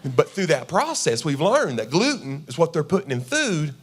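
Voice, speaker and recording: In a church auditorium before a live audience, a man in his forties does stand-up, chatting with the crowd and acting out the voices of himself and his wife in little scenes. His husky voice is fairly high and very animated, moving at a normal speed.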